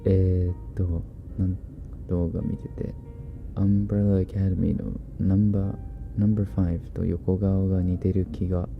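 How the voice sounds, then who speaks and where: A man hosting a livestream in a soft-spoken, laid-back way, reading chat messages and chuckling often. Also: low voice, little pitch movement, fast, vocal fry, phone-quality sound, faint music behind. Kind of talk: casual live chat.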